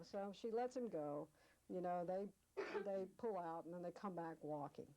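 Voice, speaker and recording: Oral history interviewee, female, low mellow voice, lively storyteller who quotes people. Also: normal speed, rough recording. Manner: vivid storyteller, acts out quoted speech. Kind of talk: storytelling recollection.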